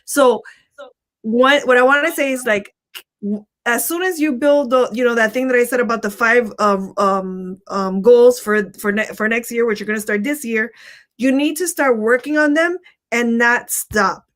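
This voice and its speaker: Female host of a motivational live stream: emphatic, repeats key lines, voice a touch higher than usual. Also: moderate pace, fairly bright tone. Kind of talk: casual motivational talk.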